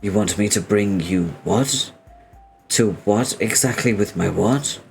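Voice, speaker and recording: A man's voice: fairly low pitch, unhurried, vocal fry, a little mellow, soft background music. A man reading as a prim, long-winded young male troll inventor who talks in a formal, stiffly polite way.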